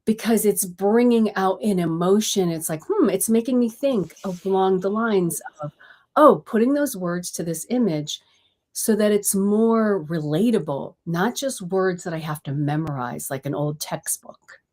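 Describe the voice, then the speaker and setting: A woman's voice: mid-range voice, a little slow. A woman co-hosting a casual podcast, speaking expressively and emphatically with lots of inflection. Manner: expressive, emphatic, talks with her hands. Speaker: podcast co-host.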